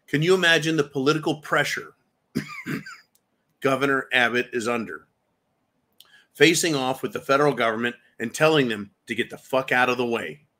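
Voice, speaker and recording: A man's voice: mid-range voice, wildly swooping pitch, normal speed, pauses often, sharp tone. A man hosting a political commentary show, ranting angrily with heavy profanity and rhetorical questions. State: angry. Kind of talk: angry political commentary monologue.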